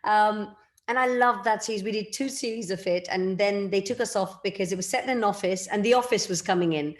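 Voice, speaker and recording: A woman's voice: medium pitch, a little fast. A middle-aged woman from England, an actress chatting as a guest in a casual interview and laughing often.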